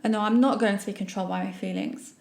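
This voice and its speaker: A woman hosting a podcast and telling a personal story in an emphatic, animated way. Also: mid-range voice, fast talker, gravelly. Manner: emphatic, animated, acts out quoted remarks. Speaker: podcast host.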